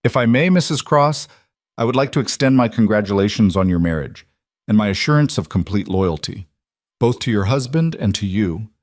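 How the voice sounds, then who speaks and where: A man's voice: on the low side, lively intonation, moderate pace, no echo, clean studio sound, lightly acted. A man voicing a calculating woman crime ally with a Russian accent, speaking formally.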